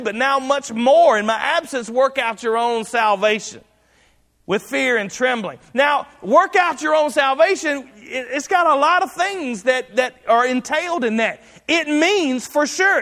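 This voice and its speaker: High-voiced preacher in a reverberant hall. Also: male voice, animated, unhurried. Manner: emphatic, rising to shouts on key lines. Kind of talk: sermon.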